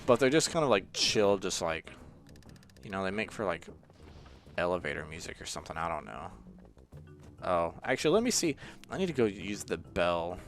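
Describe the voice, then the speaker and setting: Deep, creaky and sing-song, this young man's voice moves at normal speed with long pauses, soft music playing underneath. As a gaming channel host he gives casual let's-play commentary, rambling, joking, getting frustrated easily and using lots of fillers.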